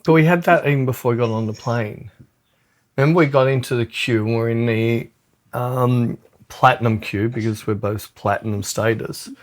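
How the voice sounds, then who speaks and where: A man's voice: mid-range voice, normal speed. A man co-hosting a podcast in a casual chat at home, goofy and joking. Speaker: podcast co-host. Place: home lounge room.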